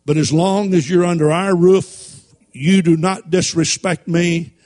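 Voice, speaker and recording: A man's voice: high-pitched, steady tone, unhurried, darkish tone, long reverb tail. A man voicing a stern older mother who scolds her grown son firmly and with emphasis. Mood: scolding.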